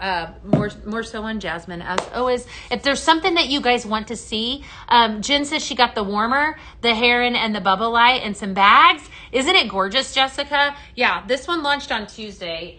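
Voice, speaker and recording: A woman's voice: on the high side, pushed and bright. A woman hosting a casual home-product livestream, chatty and upbeat, greeting viewers by name as she reads their comments. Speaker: livestream shopping host.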